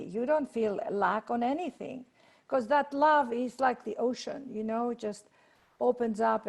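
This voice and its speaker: A woman leading a guided meditation and prayer over a video call, speaking in a slow, soothing way. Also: a little high, vocal fry, a little mellow. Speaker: workshop leader.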